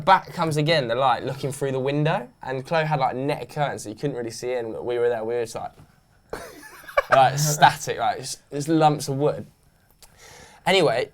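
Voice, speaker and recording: A man's voice: mid-range voice, normal speed, slight background noise. A man telling a story in casual chat, laughing often and acting out what people said. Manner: laughing often, acts out quoted dialogue. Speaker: show regular.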